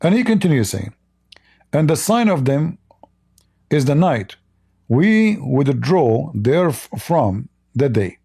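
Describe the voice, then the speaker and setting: Gravelly, dark-voiced man losing his voice. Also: fairly high pitch, very animated. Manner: reads quoted passages slowly, then comments with mockery. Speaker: live stream host. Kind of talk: livestreamed religious debate commentary.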